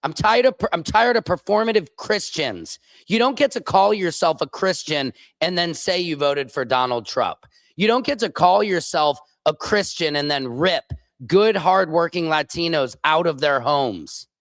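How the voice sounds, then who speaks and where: A man's voice: fairly high pitch, lively intonation, normal speed, a bit bright, no echo. A man who is a comedian and show host, delivering an angry, profane political rant full of repeated phrases. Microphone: streaming microphone.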